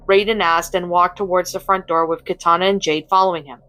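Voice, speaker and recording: A woman reading a fan story aloud in plain, steady narration. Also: fairly low pitch, fairly quick, faint music behind, poor audio. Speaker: story reader.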